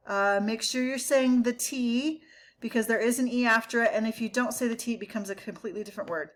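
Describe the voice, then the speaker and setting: A woman teacher talks through a vocabulary list in a somewhat high voice. She explains each item plainly in English. Then she slows down to model the pronunciation with care. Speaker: French teacher. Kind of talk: recorded vocabulary lesson.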